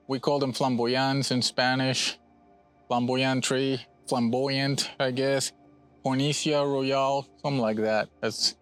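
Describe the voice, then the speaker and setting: Man from Puerto Rico touring his nursery. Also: medium pitch. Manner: relaxed, rambling, with frequent restarts. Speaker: bonsai nursery owner. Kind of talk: casual explanation during a nursery tour. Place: outdoor plant nursery.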